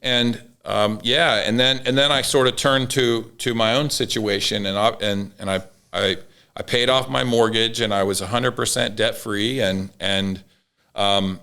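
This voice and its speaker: Low, smooth-voiced man telling a story. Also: fairly even intonation, unhurried, pushed and bright. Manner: emotional storytelling, many restarts. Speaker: podcast guest. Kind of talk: casual conversation.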